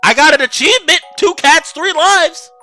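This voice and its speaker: A woman hosting a let's play, reacting to the game with excitable, exasperated outbursts. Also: sits high, normal speed, soft background music. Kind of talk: game commentary.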